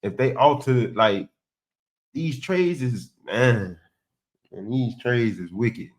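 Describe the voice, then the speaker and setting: A man's voice: medium pitch, takes it slowly. A man hosting a casual commentary show, laid-back and slangy, agreeing with his guest. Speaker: show host.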